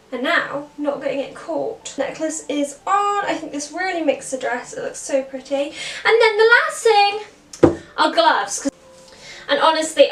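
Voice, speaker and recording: A woman's voice: sits high, bright, forceful tone. Chatty woman in an echoey room. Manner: chatty, upbeat, explaining step by step. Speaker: costume character performer. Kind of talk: casual makeup and costume tutorial. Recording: echoey room, mic at a distance.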